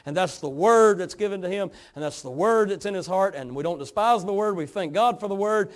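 A man preaching a sermon, fervent and emphatic, repeating words and building to loud peaks. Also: high voice, brisk. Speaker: pastor.

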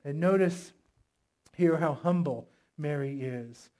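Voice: medium pitch, takes it slowly, mellow. A pastor preaching a sermon with emphatic delivery, asking the congregation rhetorical questions.

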